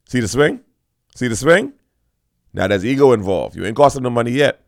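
A man doing a comedic monologue in an animated, teasing, rambling way, addressing the audience directly. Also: medium pitch, normal speed, no echo, studio quality.

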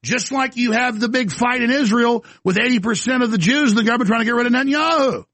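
A man's voice: extremely high pitch, quick pace, a bit bright, no room sound. A man hosting a talk show, delivering an impassioned, emphatic monologue into a studio microphone. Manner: ranting, emphatic, insistent.

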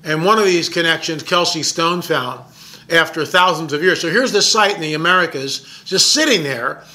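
A man with a bright, forceful voice, a little higher than most, talks through a story about his own documentary. He is excited and emphatic and often repeats words as he builds his point. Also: moderate pace. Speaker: documentary filmmaker. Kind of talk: casual storytelling monologue.

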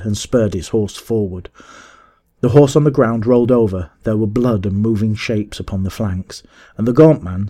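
A man narrating a classic adventure story in a measured, steady audiobook reading. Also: fairly low pitch.

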